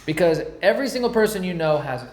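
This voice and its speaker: A man with a somewhat high voice gives a relaxed, slang-filled Torah lesson, leaning on everyday comparisons to make his point. He sounds like he's in an echoey room. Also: quick pace. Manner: animated, slangy, uses pop-culture comparisons. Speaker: Torah teacher. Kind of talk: casual Torah class.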